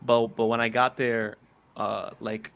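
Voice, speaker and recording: A young man hosts a podcast in loose casual chat. He is animated and throws "bro" and "yo" into his talk. His voice sits at a middle pitch for a man. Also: measured pace, gravelly. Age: young adult. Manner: animated, says "bro" and "yo" a lot. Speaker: podcast host.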